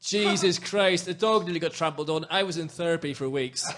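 A Northern Irish man hosts a football podcast in easy casual chat. His voice sits a little high, and he rambles through jokey stories with plenty of asides. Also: a little fast, crowd noise. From Northern Ireland. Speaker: podcast host.

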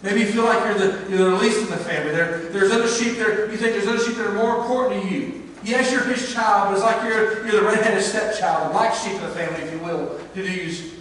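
Earnest male preacher, high-pitched voice, distant mic in a reverberant church hall. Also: a little fast, a little hiss or hum. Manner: earnest storytelling preacher, swinging between emphatic and hushed. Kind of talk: sermon. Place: church sanctuary.

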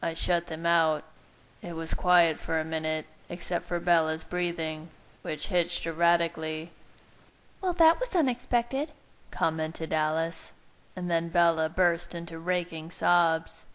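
A woman reads fan fiction aloud in a slightly low, clear, resonant voice. Between the characters' lines she narrates at a steady, even pace that's a little slow.

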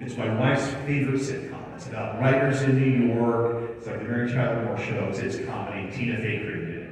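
A man's voice: mid-range voice, fairly even intonation, brisk, darkish tone, recorded from a distance. Man telling stories in an echoey hall. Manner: chatty, acts out quoted dialogue. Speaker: convention organizer addressing attendees. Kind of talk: storytelling to a live audience. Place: large convention hall.

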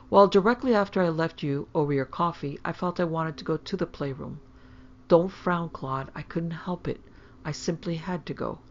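A woman reading a horror story aloud, voicing a nervous, frightened wife who speaks in a hushed, anxious way. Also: low-pitched, vocal fry. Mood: uneasy. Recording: slightly dull lo-fi sound.

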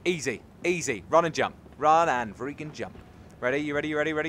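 A British man from England giving excitable let's-play commentary, cheering and scolding the game as he plays. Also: fairly high pitch, quick pace, slight background noise. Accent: British English. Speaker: gaming channel host.

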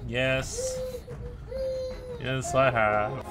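A man's voice: medium pitch, huge pitch swings, drawn-out words. A man giving casual, teasing gameplay commentary while joking with his family. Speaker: gaming video creator. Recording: game music behind the voice.

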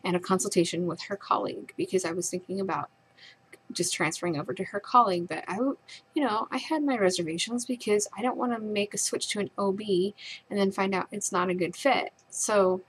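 A woman's voice: mid-range voice, a little fast, slightly rough, rough recording. A young woman vlogger earnestly retelling a distressing personal experience in her own words. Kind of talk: personal storytelling.

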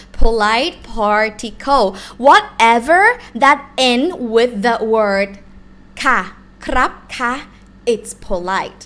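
A young woman with a Thai accent teaching a live-streamed language lesson, explaining slowly and repeating words in different tones. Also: on the high side, bright, forceful tone. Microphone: laptop or phone mic on a live stream.

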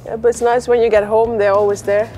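A woman's voice: on the high side, little pitch movement, fast talker, dark tone, faint music behind. A young woman from Belgium, a footballer guest giving brief, easygoing answers in casual chat.

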